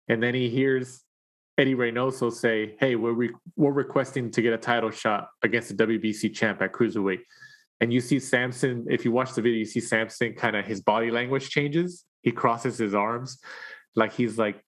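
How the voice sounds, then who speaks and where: A man's voice: mid-range voice, fairly even intonation, fairly quick. A man co-hosting a boxing podcast, chatting casually and acting out quotes in his stories. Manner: chatty storyteller, acts out quotes, laughs often. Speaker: podcast co-host.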